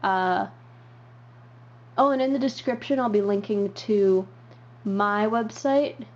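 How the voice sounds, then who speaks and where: A woman's voice: medium pitch, slow. A young woman giving a casual show-and-tell tour as a vlogger, rambling with lots of ums and uhs. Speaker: model horse hobby vlogger. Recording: dull lo-fi home recording with faint hiss.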